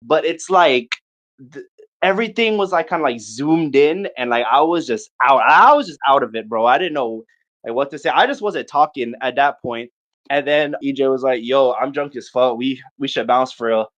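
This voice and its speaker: A young man in casual podcast chat, telling a long party story in an animated, profane way and acting out his friends' lines in quick bursts. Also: mid-range voice, muffled recording.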